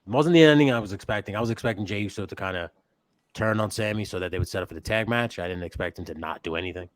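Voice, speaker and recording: Deep, dry-voiced young man chatting loosely. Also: rapid-fire, no echo. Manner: loose, profane, laughs and does mock wrestler voices. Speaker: podcast co-host. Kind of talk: casual wrestling chat.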